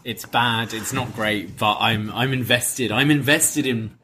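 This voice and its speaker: A man from the UK co-hosting a podcast in relaxed casual chat, with joking asides. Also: medium pitch, unhurried, slight background noise. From United Kingdom. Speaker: podcast co-host.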